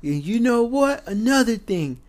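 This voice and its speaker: A man's voice: a little high, fairly quick, a little mellow, lightly acted. A young man voicing a stern, intimidating male drill instructor who interrogates trainees sarcastically. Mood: sarcastic.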